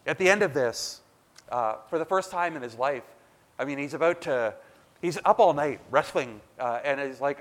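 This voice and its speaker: A man's voice: mid-range voice, moderate pace. A man preaching a sermon as a pastor, talking casually and building to emphatic bursts.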